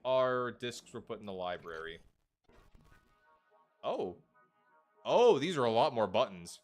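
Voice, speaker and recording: A man's voice: medium pitch, measured pace, pauses often, faint music behind. Rambling man streaming a game. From United States. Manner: rambling, self-deprecating, lively asides. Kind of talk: casual let's play commentary.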